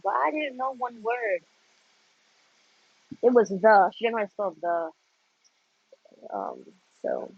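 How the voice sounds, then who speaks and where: A young woman from Florida hosting a late-night livestream, chatting and telling animated stories as she works. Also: on the high side, unhurried, long pauses, breathy edge, no room sound, lo-fi sound. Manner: animated storytelling with laughs. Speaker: livestream host. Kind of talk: casual chat while working.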